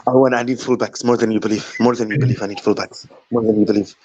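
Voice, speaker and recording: A calm, insistent football manager impression, put on by a man, repeating short lines in a level, deliberate tone. The recording sounds somewhat dull and lo-fi. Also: mid-range voice, no room sound, natural voice.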